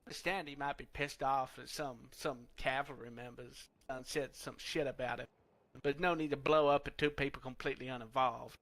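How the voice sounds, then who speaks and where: A man roleplaying in character, casual and blunt, trying to calm others. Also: medium pitch, fairly quick.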